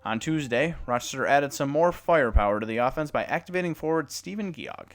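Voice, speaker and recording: A young man hosting a sports report speaks in an expressive, mid-range voice, a little fast. He rambles self-consciously through an awkward story with many restarts before reading the news.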